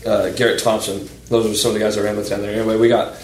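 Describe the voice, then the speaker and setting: A man chatting casually, energetic and joking, with lots of swearing. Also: on the low side, racing, roomy sound, slight background noise, low-quality recording. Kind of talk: casual podcast chat.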